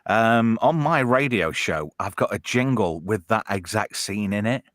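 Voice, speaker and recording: An English man hosting a loose late-night chat, swearing and laughing as he reads comments aloud. His pitch swings up and down a lot. The sound is dry and close, with no room around it. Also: animated, a little slow, a bit bright, no room sound. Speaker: podcast host. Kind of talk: casual chat.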